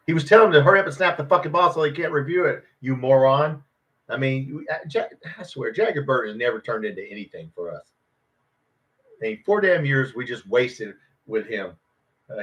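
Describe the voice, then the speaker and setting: A man hosting a live football watch party, reacting to every play with frustration and swearing at players and referees. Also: mid-range voice. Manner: frustrated, swearing, yelling at the game. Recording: dull lo-fi stream audio.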